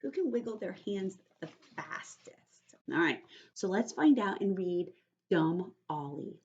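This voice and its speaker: A woman teacher reading a story aloud to young children, explaining words slowly and patiently and checking in with them often. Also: medium pitch, very animated, a little mellow, lo-fi sound. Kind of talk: read-aloud vocabulary lesson for young children.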